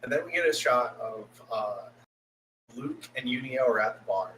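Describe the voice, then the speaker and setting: A man's voice: mid-range voice, lively intonation, normal speed, a bit bright, a little hiss or hum, rough recording. A man co-hosting a podcast, giving a loose, profane recap of an anime episode and acting out the characters' lines as he goes. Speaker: podcast co-host.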